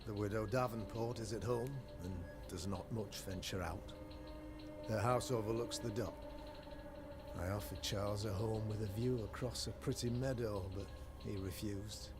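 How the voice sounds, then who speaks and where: A man's voice: fairly low pitch, fairly even intonation, normal speed, music in the background, lightly acted. A man playing a pompous colonial governor. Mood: stately. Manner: formal, long-winded and courtly. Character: pompous middle-aged male colonial governor. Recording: game audio with ambient noise.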